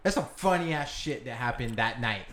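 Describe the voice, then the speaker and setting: A man's voice: medium pitch, animated, a little fast, a bit bright, a little hiss or hum. Laughing, profane podcast host man. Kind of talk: casual podcast chat.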